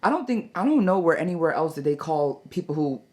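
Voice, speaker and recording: A woman's voice: deep voice, big pitch swings, fairly quick, darkish tone. A woman co-hosting a podcast in casual chat, often chiming in with agreement. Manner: frequent agreeing backchannels.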